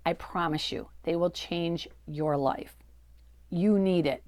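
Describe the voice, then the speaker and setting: A woman with a fairly low voice coaches family caregivers on dementia, talking straight to her viewers. She leans on repetition to drive points home and coaxes her audience along. The sound is close and dry, with no room around it. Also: slow, mellow, no room sound. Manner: emphatic and coaxing, repeats phrases for stress. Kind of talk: direct-to-camera advice talk.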